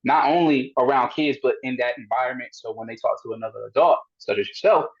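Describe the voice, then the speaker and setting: A man's voice: mid-range voice, quick pace, husky, highs cut off. A man hosting a podcast, asking long, probing questions in casual chat and often restarting his sentences. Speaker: podcast host.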